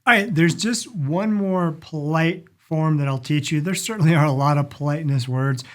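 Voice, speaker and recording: A middle-aged teacher of language and culture, with a voice on the high side, moves at a moderate pace through an informal talk on travel phrases. He demonstrates each by lengthening its vowels.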